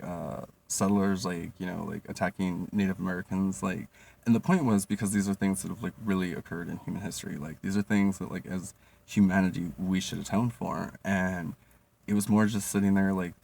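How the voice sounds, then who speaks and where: A man's voice: low-pitched, gravelly, darkish tone. A young man telling comedic stories casually, rambling with constant fillers, swearing and laughing. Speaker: vlogger. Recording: distant mic, faint noise.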